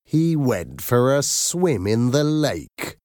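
A woman voicing a sly, creepy male henchman who speaks slowly and mockingly. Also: very deep voice, big pitch swings, darkish tone, no echo, studio quality, pitched below the performer's own voice, heavily acted.

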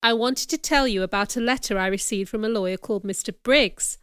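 A stern, earnest young clergyman speaks calmly in a storybook audiobook, read by a woman. The voice stays clear and bright with a dry, close sound. The manner is low-key and serious. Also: a little fast, no room sound, close to an everyday voice. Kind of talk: audiobook character reading.

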